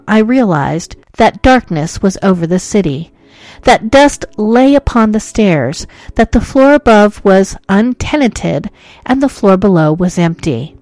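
A woman narrating a ghost story in an expressive reading, moving between hushed and urgent tones. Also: medium pitch, dry recording.

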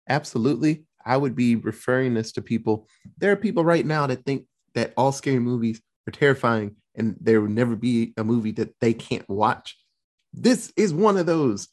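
A man hosting a casual movie-review podcast, talking in an excited, rambling way with plenty of swearing. His pitch sits in the middle for a man, neither low nor high. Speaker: podcast co-host.

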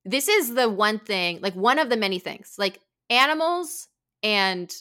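A young woman host in casual chat, telling a story and acting out quotes with big jumps in her voice. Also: measured pace. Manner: animated, acts out quotes with big pitch jumps.

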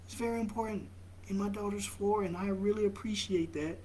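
A young father talking slowly and reflectively, with halting restarts and soft laughs. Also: high-pitched, fairly even intonation, slight background noise. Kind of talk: reflective vlog monologue.

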